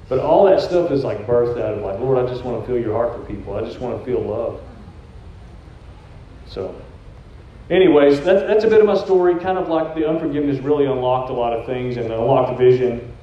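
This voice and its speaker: A man's voice: mid-range voice, dark tone, a little hiss or hum. A man, a church prophetic team leader, giving a personal testimony in an earnest, conversational storytelling way into a handheld mic in a church room. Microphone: handheld microphone. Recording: echoey, dull-sounding church room recording.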